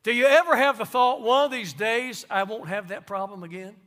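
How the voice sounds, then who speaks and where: High, bright-voiced preaching man. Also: normal speed. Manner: preaching with swings from soft asides to loud emphasis. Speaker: pastor. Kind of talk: sermon.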